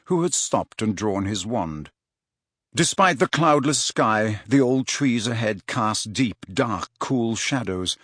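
An audiobook narration by a man with a voice of middling pitch. He reads in a measured, expressive way, with dry close miking and no room sound. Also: dry recording. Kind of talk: scripted narration.

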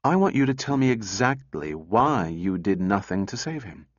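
A man's voice: fairly low pitch, sing-song, moderate pace, dry recording, highs cut off. Man playing a stern woman psychologist. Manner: clipped, probing questions. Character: stern woman robot psychologist, controlled anger.

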